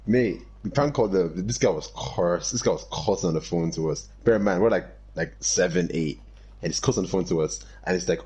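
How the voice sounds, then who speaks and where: A man's voice: deep voice, fast talker, breathy edge. A man, telling a childhood story to friends in a casual chat and laughing as he goes. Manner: excitable, laughs through his story.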